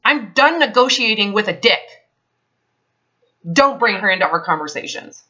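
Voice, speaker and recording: A woman's voice: medium pitch, expressive, normal speed, bright, forceful tone. A woman health advisor in a counseling session, talking bluntly and emphatically, swearing freely. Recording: dull lo-fi recording.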